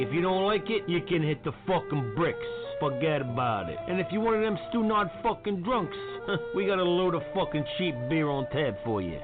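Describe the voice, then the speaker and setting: A man voicing a brash, foul-mouthed male restaurant owner in a parody ad, over a tinny line with loud music. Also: on the high side, natural voice. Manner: boastful, crude mock commercial. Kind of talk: parody radio ad.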